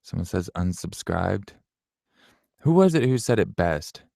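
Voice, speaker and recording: YouTuber, late 20s man; low gravelly voice, dry close sound, blunt casual Q&A. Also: big pitch swings, measured pace, warm tone, no echo. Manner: blunt and offhand, swears, laughs often. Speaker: YouTuber answering viewer questions. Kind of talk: casual Q&A chat.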